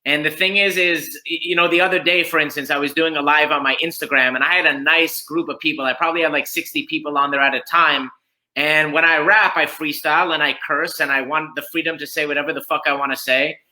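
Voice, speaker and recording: A man who raps freestyle chats as a guest on a video call. He talks fast and emphatically, cursing casually. His voice is bright and sharp, a little high. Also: steady tone, poor audio. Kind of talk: casual interview chat.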